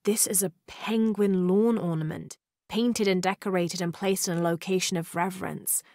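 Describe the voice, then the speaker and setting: A woman's voice: lowish voice, steady tone, moderate pace, a little mellow, dry recording, studio quality, close to an everyday voice. An actress voicing a young adventurous woman archaeologist in a video game, speaking in an earnest, reflective way. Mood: curious.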